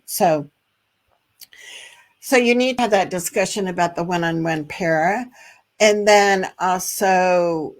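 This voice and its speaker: A middle-aged woman with a slightly low voice hosts a live advice show. She talks in a chatty, practical way, with filler words and small laughs, as she answers viewers' comments. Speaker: special education advocate and host.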